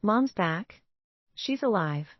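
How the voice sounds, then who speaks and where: A woman's voice: medium pitch, expressive, slow pace, no room sound, lo-fi sound. A woman voicing a small, desperate young girl pleading with her mother. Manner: pleading, voice cracking.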